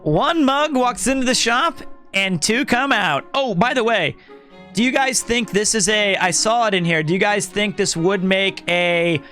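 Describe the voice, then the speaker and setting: Male streamer, high bright voice, loud and projecting, casual chat over faint music. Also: a little slow. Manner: loud, projecting, animated talker.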